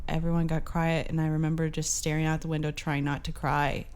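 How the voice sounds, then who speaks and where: A woman's voice: low-pitched, flat delivery, fairly quick, a little mellow, smooth. A woman from Indiana, a comedian guest on a podcast, telling family stories casually with many ums and laughs. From Indiana, USA. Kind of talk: casual storytelling.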